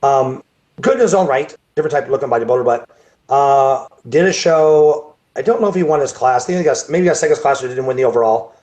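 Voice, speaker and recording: A man's voice: medium pitch, fast talker, darkish tone. Rambling man telling a story on a call. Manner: rambling, repeats words and restarts. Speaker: bodybuilding show promoter. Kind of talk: casual storytelling interview.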